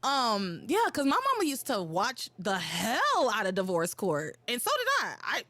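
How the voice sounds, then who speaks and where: A young adult woman hosting a podcast in casual, animated chat, exclaiming and swearing freely. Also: medium pitch, normal speed, no echo. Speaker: podcast host.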